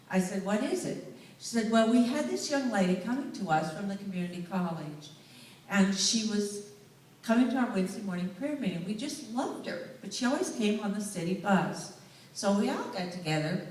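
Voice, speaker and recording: A woman's voice: mid-range voice, a little mellow, a little hiss or hum. A woman with a Southern US accent giving a humorous presentation to a live audience, telling stories and speaking to the listeners directly. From United States. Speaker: public speaker. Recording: echoey hall, voice from far off.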